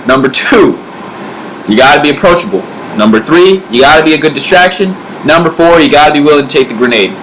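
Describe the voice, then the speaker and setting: A man's voice: on the high side, lively intonation, quick pace, a bit bright, a little hiss or hum, low-quality recording. A young man hosting a casual comedy vlog, explaining dating rules in loose, filler-heavy bro talk. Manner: laid-back bro talk, filler-heavy, acts out little scenes. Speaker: vlog host giving dating advice.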